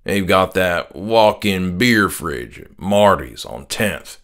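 A man voicing a selfish, rude middle-aged father who speaks in a slow Southern country drawl and sneers dismissively. The voice is lowish and brushes people off. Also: expressive, a bit bright, full character voice. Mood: gruff, dismissive.

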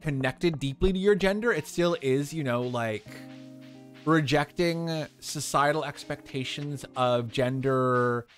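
A man's voice: on the high side, a little slow, faint music behind. A young man in drag live-streaming a farming game, chatting casually with viewers and answering their questions with lots of fillers.

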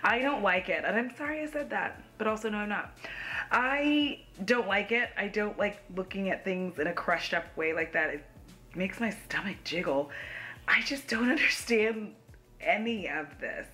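Young woman, bright sharp tone, blunt sassy makeup chat, casual swearing. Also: mid-range voice, normal speed, faint music behind. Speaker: beauty YouTuber. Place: home.

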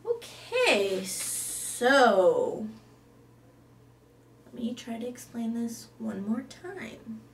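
A woman's voice: fairly high pitch, big pitch swings, very slow, distant mic, a little hiss or hum. A woman hosting a comedy sketch, weary and patient. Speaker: host.

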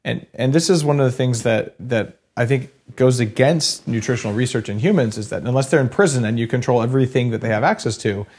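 A man's voice: medium pitch, a little fast, few pauses, a little mellow, breathy edge. A man hosting a podcast interview, asking long curious questions with hesitant restarts. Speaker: podcast host.

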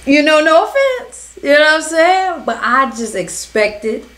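A woman's voice: high voice, sing-song, a little slow, fairly bright tone, slight background noise. A young woman hosting a reaction video, talking in casual slang, swearing and laughing as she comments and snacks.

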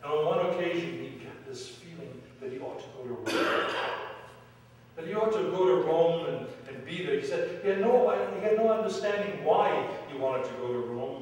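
A male pastor delivers a sermon from the pulpit, his voice ringing through a very echoey church with a long reverb tail. He sounds set back from the microphone, and a faint hiss sits underneath. He tells his story in waves, building to loud peaks and sinking low again. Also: distant mic. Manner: storytelling, rising to loud dramatic peaks then dropping low. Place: church sanctuary.

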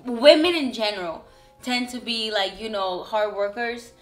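A woman's voice: a little high, a little slow, soft background music. A young woman with a Spanish accent, chatting sassily as a vlog co-host, laughing and slipping into Spanish. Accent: Spanish-accented English. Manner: sassy, laughing, switches into Spanish. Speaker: vlogger co-host. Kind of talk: casual couple reaction chat.

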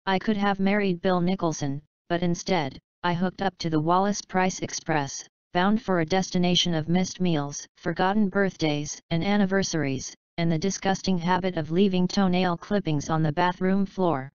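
A woman's voice: on the low side, steady tone, normal speed, few pauses, clear, resonant tone, dry recording, lo-fi sound, natural voice. A woman reading the part of a bitter ex-wife venting bluntly and scornfully at a funeral.

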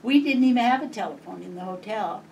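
A woman's voice: mid-range voice, fast talker, vocal fry, dull audio. An older woman with a Montana accent tells stories from her childhood in an oral history interview, chuckling often and acting out the voices in them. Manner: lively, chuckling reminiscence with acted quotes. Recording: distant mic, faint noise.

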